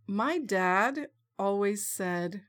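A woman's voice: medium pitch, lively intonation, very slow, fairly bright tone. A woman interviewing a guest in a casual, curious and chatty way, laughing easily.

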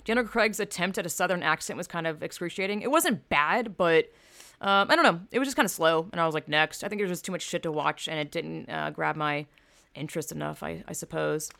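A woman's voice: deep voice, brisk, vocal fry, fairly bright tone. A young woman hosting her own podcast, talking in a casual, rambling way with lots of swearing, fillers and blunt opinions. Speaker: podcast host. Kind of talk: casual solo podcast monologue.

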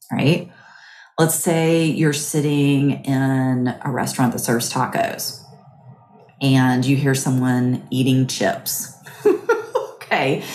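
Female podcast host; deep, slow delivery; friendly coaching tone; reverberant room. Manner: gentle, chatty, often asks "right?". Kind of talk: guided mindfulness talk.

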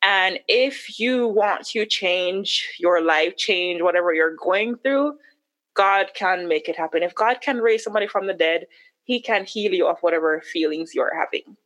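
A woman candidly recounting a painful personal story as a guest, with emotional retellings and quick asides. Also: on the low side, a bit bright. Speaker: podcast guest.

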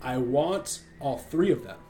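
A sullen, bitter young father answers in terse, flat phrases, as a male reader voices him. Faint music sits under the reading. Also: medium pitch, unhurried, close to an everyday voice.

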